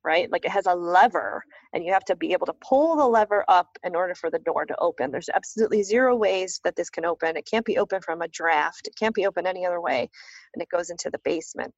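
A woman's voice: fairly low pitch, fast, dry recording. Woman telling stories on a dull, dry recording. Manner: animated, acts out quoted voices. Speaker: guest. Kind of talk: conversational storytelling.

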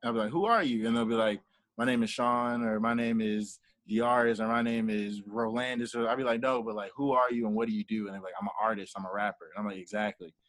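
A fast-talking young man with a fairly low, slightly bright, level voice, recorded dry, appears as an interview guest. He's an entrepreneur and artist manager who acts out quotes while casually recounting his stories.

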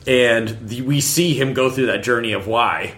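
A man's voice: medium pitch, normal speed, a bit bright. A man co-hosting a fan podcast in casual chat, rambling, with frequent restarts and eager enthusiasm. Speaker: podcast co-host.

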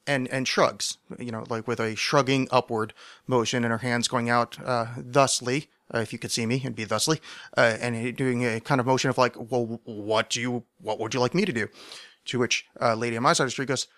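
Guy hosting his podcast, rambling story, wry and self-mocking, mid pitch, dead dry room. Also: fairly even intonation, a little fast, dry recording. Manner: rambling, wry, self-deprecating, acts out shouted quotes. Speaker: podcast host. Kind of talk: casual storytelling monologue.

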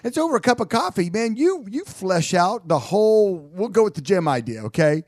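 Radio co-host, male, a little high, dry booth sound, animated, acts out quotes. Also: normal speed, dry recording. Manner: animated, acts out quoted lines, restarts often. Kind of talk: casual radio chat.

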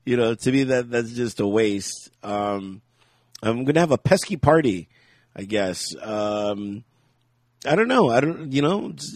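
A man's voice: medium pitch, darkish tone, no echo, clean studio sound. A man co-hosting a podcast in casual chat, telling rambling stories, laughing often and acting out what people said. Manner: rambling storyteller, laughs often, acts out quotes. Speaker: podcast co-host.

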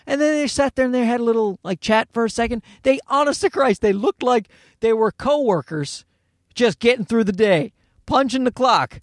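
A man telling a comedy story about his own child, swearing freely and breaking into ranting asides. His voice sits high for a man and swings widely in pitch. The sound is dry and close, with no room around it. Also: normal speed, no room sound. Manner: animated, profane, ranting asides. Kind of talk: comedic monologue.

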